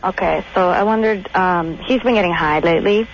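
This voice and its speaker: A woman's voice: on the low side, brisk. Young female caller, Lithuanian accent, shy and hesitant, dull call with faint noise. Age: young adult. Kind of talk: phone call to a radio show.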